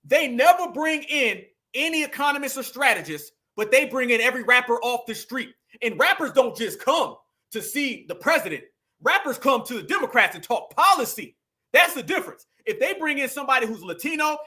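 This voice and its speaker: A man in talks straight to his audience like a preacher, calling them family. His voice sits high and rings bright. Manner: preachy, addresses viewers as family and y'all. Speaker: political commentary host. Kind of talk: casual political commentary.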